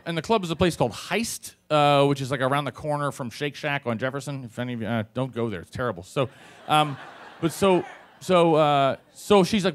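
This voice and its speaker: A man telling a personal story on stage to a live audience, animated and conversational, with plenty of fillers and swearing. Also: on the high side, normal speed.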